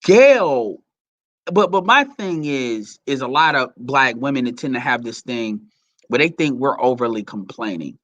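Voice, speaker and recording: A man's voice: mid-range voice, expressive, a little slow, a bit bright, no echo, dull audio. A man giving heated, profane, rambling commentary to his audience. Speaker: commentary vlogger.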